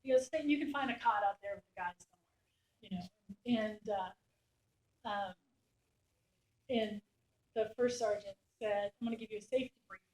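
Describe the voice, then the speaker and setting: A middle-aged woman, a war reporter, telling lively anecdotes to a class and acting out the soldiers' lines. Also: mid-range voice, normal speed, long pauses. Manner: animated anecdote-telling, acts out quoted soldiers. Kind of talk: storytelling talk. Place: lecture room. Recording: echoey room.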